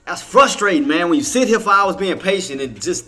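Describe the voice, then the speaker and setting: A bright, fairly high-voiced man talks through his trades on a live stream, venting his frustration in casual slang. He repeats himself and curses under his breath, with faint music underneath. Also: expressive, brisk. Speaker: day trading livestream host. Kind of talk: live trading commentary.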